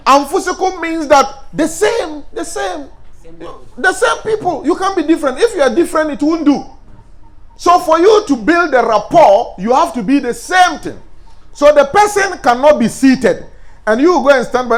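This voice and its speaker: A man's voice: very high-pitched, very animated, moderate pace. A man giving a lecture as an Islamic teacher, asking the class questions and answering them himself.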